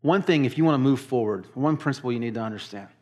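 A middle-aged man preaching a sermon, swinging between loud emphatic bursts and hushed, quiet asides. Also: medium pitch, quick pace. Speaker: pastor.

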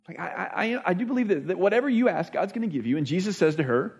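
Pastor guy preaching casual style, kinda high voice, stumbles and restarts a lot. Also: lively intonation, quick pace, gravelly, darkish tone, slightly rough. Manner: earnest, repeats words while restarting thoughts; acts out quoted speech with voices. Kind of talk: conversational sermon.

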